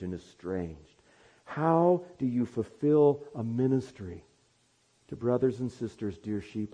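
A male pastor preaching a sermon, moving from quiet asides to loud, fervent proclamation. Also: mid-range voice.

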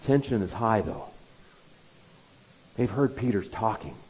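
A man's voice: fairly low pitch, expressive, a little slow, darkish tone, husky, low-quality recording. A man preaching an expository sermon, telling the story with animation and acting out the quoted lines.

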